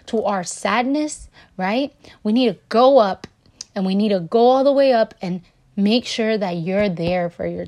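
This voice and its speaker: A woman's voice: medium pitch, darkish tone. Earnest young mother telling her story. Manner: earnest and emotional, repeating herself and restarting often. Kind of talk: personal testimony vlog.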